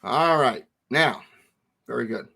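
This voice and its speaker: A man teaching a founding text to a co-host, emphatic and lively, repeating words for stress. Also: medium pitch, slow pace, creaky, breathy edge.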